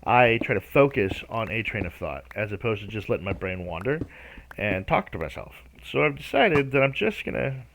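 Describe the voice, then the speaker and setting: Very animated, with a low-leaning, fairly bright voice at a moderate pace, a man hosts a Minecraft let's-play against slight background noise. His commentary is rambling and hesitant, full of self-talk, stalls, and hummed or scatted nonsense syllables.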